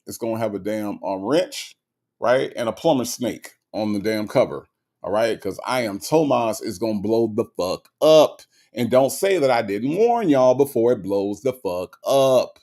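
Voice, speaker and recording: Gravelly-voiced man riffing for his stream. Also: medium pitch. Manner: animated, repetitive, laughing asides. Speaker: livestream host reading chat. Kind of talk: casual comedic commentary.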